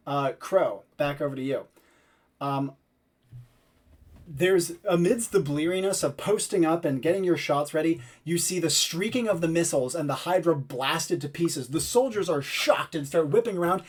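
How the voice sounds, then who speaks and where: A man narrating a tabletop game as game master, describing scenes in an unhurried way with occasional fillers. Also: on the high side, animated, breathy edge.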